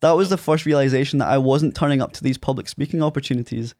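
A man's voice: medium pitch, fast, no echo, studio quality. A man in his thirties with an Ayrshire Scottish accent, a guest telling stories in a casual interview and acting out quotes in a raised voice. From Scotland. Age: 30s. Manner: animated storyteller, acts out quotes in a raised voice.

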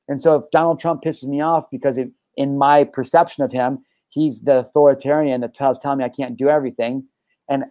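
A man's voice: mid-range voice, dark tone, no room sound, poor audio. A man hosting a talk show and coaching listeners in an intense, profane, preachy monologue. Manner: intense, swears freely, preachy. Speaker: podcast host and life coach.

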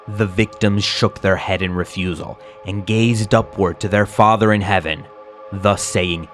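A man solemnly reading a historical chronicle aloud in a grave, measured, mournful way. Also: deep voice, fairly even intonation, a bit bright. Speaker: narrator. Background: faint music.

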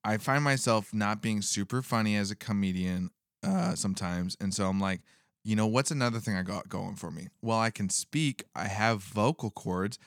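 A man's voice: lowish voice, animated, normal speed, no echo, clean studio sound. A male comedian chatting casually on a podcast, rambling with many fillers and swearing freely.

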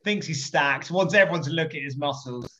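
Interviewed as a podcast guest, a man tells anecdotes in a lively, jokey style, swearing and laughing along the way. His voice is on the high side and a little fast, and the recording is muffled and lo-fi.

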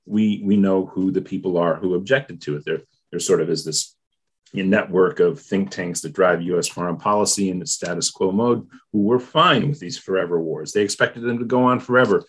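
A man giving his take on politics in a casual discussion, measured and thoughtful, with many pauses and fillers. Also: deep voice, slightly rough. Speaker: political commentator.

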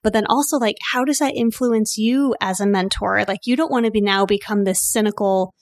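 A woman hosting a veterinary podcast, enthusiastic and speeding up as she gets excited. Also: mid-range voice, brisk, no room sound, studio quality. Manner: enthusiastic, speeds up when excited, many "like" fillers. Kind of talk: casual podcast interview.

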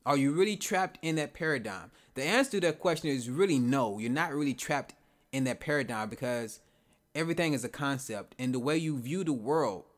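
A man's voice: mid-range voice, expressive, fairly quick. A man hosting a podcast, talking through his ideas in a loose, rambling monologue, repeating himself and asking rhetorical questions. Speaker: podcast host. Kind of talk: casual reflective monologue.

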